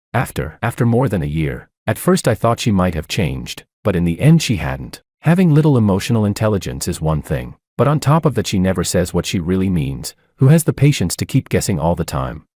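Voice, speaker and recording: A man's voice: deep voice, sing-song, brisk, hardly any pauses, darkish tone, no room sound, studio quality. A young man narrating a scripted first-person story in a wry, exasperated manner.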